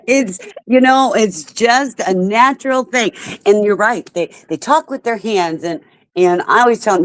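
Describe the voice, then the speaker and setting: A woman's voice: mid-range voice, slow pace. A woman in her fifties hosting a live stream, chatting casually and laughing often. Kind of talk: casual chat.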